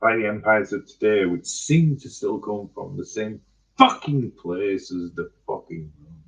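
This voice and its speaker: A man's voice: fairly low pitch, lively intonation, measured pace, creaky, a bit bright, distant mic, low-quality recording. A man in a rambling, profane, angry monologue. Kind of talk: ranting monologue.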